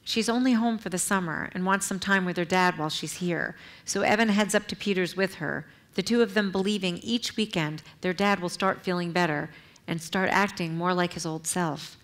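Middle-aged woman author reading her memoir aloud, lowish voice, measured and earnest, library event. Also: a bit bright. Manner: measured, earnest reading with brief asides to the audience.

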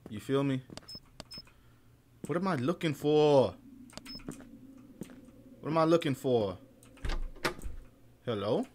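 A young man streaming a horror game, loud and jumpy at the scares, full of slang and swearing, muttering to himself as he explores. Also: medium pitch, expressive, slow pace, pauses often, a little hiss or hum. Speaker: gaming streamer. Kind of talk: horror gameplay commentary.

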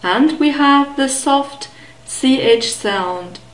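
A woman teaching a beginner language lesson, carefully modeling sounds and repeating words slowly. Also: high voice, expressive, echoey room, rough recording. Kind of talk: slow, deliberate pronunciation lesson.

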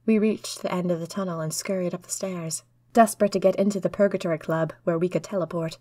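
A woman's voice: lowish voice, steady tone, fast, hardly any pauses, mellow, dry recording. Woman narrating an earnest diary tale. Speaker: storyteller. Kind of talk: first-person diary narration.

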